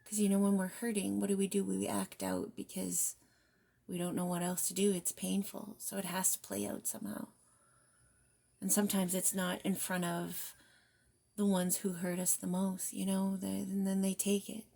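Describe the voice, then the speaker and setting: A woman gives a spiritual guidance card reading in a mellow, gravelly voice full of vocal fry. Her pitch stays flat and even as she talks in a soft, reflective way, often sinking to near-whispers. She slips in casual swearing between gentle encouragement. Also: moderate pace. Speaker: tarot reader.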